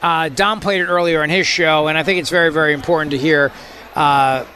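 Brief: male talk radio host, mocking and rambling, high bright voice. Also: fairly even intonation, fairly quick.

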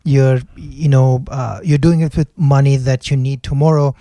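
Mellow-voiced man explaining investing. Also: mid-range voice, steady tone, moderate pace, dry recording. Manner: thoughtful, explains with restarts and fillers. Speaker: podcast co-host, investment analyst. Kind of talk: casual podcast chat.

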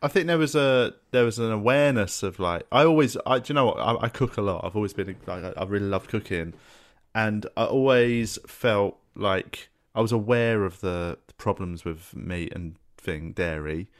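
A man in his thirties, a podcast guest, telling stories in a relaxed, casual way with some swearing. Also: lowish voice, moderate pace. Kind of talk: casual chat.

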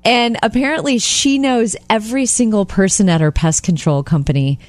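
A woman co-hosting a radio talk show, telling anecdotes in casual chat and acting out quotes in high voices. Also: normal speed, no echo. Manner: animated storyteller, acts out quotes in high voices. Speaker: co-host.

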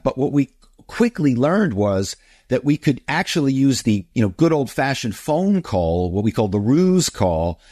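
Animated middle-aged man telling stories. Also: on the high side, no room sound, studio quality. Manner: animated, acts out phone calls in other voices. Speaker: guest, author. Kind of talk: interview storytelling.

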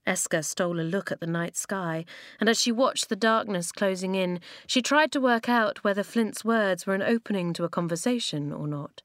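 A woman reads an audiobook in a calm, even manner, her voice sitting mid-pitch. The recording is dry and close, with no room around it. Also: normal speed, no echo. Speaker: narrator. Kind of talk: audiobook narration.

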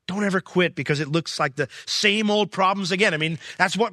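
A man preaching a sermon as pastor, reading scripture and paraphrasing it in casual slang, swinging from excited peaks to low, quiet stretches. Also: fairly quick, no echo, studio quality. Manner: emphatic, rising to excited peaks then dropping low.

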